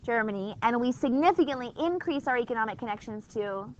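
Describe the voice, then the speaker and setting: A woman's voice: fairly high pitch, lively intonation, fairly quick. A woman teaching a history class in a chatty, wry, conversational way, full of rhetorical questions. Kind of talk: classroom lecture. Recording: dull lo-fi classroom recording.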